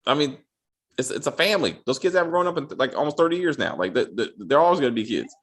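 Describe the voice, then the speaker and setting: Fast and lively in intonation, this man's mid-range voice carries a casual podcast conversation he co-hosts. He curses freely and keeps stumbling over and repeating words.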